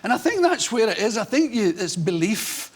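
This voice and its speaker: A Scottish man in his sixties, a comedian telling animated anecdotes in an interview and acting out the voices in them. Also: sits high, moderate pace, slightly rough. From Scotland. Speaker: comedian guest.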